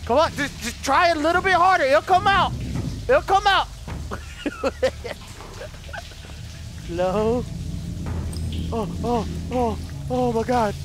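A man's voice: extremely high pitch, lively intonation, slow, long pauses. A man with a sore, strained throat doing gameplay commentary, joking to viewers and screaming and swearing at scares. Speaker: let's play host.

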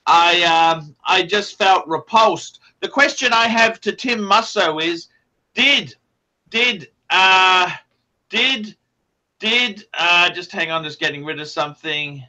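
A man's voice: high-pitched, slow, bright, forceful tone, poor audio. A man hosting a casual livestream chat, swearing freely and reading out donations. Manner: brash, profane, rattles off donation names. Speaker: livestream host.

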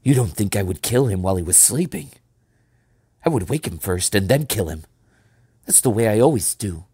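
A man's voice: fairly low pitch, normal speed, a little mellow, slightly rough, no room sound, studio quality. A man voicing a cocky, fearless boy who never grows up, boastful and breezy, in a storybook reading.

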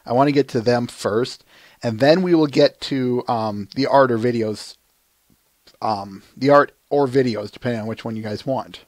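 A man hosting a podcast in an easygoing, soft-spoken way, keeping his replies brief. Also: medium pitch, normal speed, dry recording. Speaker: podcast host.

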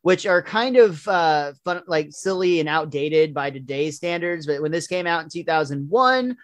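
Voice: mid-range voice, lively intonation, normal speed, no echo. Podcast host giving a rambling episode recap. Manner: rambling with fillers and laughs.

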